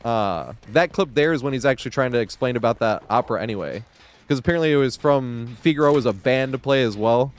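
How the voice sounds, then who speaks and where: A man's voice: medium pitch, animated, fast talker. A man streaming a game, chatting casually and retelling a favorite movie at length, with many fillers.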